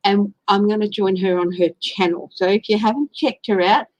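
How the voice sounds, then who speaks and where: A woman's voice: mid-range voice, moderate pace, dull audio. A woman with an Australian accent doing a casual live-stream tarot reading, chatting and greeting viewers by name. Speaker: tarot reader.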